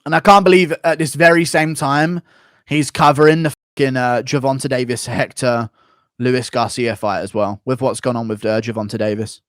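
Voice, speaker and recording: An American man hosts a livestream and reacts to chat in a blunt, profane rant. His voice sits in a middle pitch. The recording is dry and close. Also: steady tone, normal speed, fairly bright tone, dry recording. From United States. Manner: profane, opinionated ranting. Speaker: streamer host. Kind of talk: livestream commentary, reading donations.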